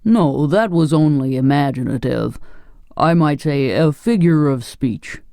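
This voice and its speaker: Man playing a simple wooden pumpkin man, slow drawn-out words, loud and earnest, mellow voice. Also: a little high, gravelly, no room sound, studio quality. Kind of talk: audiobook character voice.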